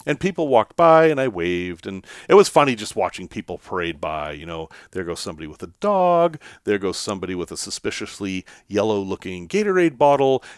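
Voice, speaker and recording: A man's voice: mid-range voice, no room sound, clean studio sound. A man casually telling a story to his camera, chatty and self-deprecating, laughing now and then. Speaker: van life vlogger.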